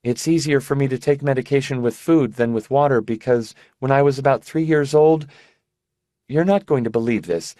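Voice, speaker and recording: A woman's voice: very deep voice, normal speed, dark tone, no room sound, studio quality, voice pushed up. A man reading an audiobook, voicing a frail, ailing young woman who talks in a trembling, rambling way. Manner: trembling, chatty, drifting off.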